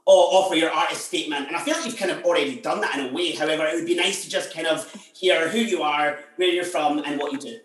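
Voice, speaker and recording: A young man with a fairly high voice hosting a casual podcast. He gushes, talks effusively and breaks into quick laughs as he introduces his guest. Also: a bit bright. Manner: gushing, effusive, laughs often. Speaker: podcast host.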